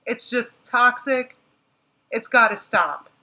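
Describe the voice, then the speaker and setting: A woman with a New Jersey accent reacts to a livestream in a blunt, exasperated way. Her voice is bright, and she often laughs in the middle of her rants. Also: on the high side, slow, poor audio. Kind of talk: casual reaction commentary.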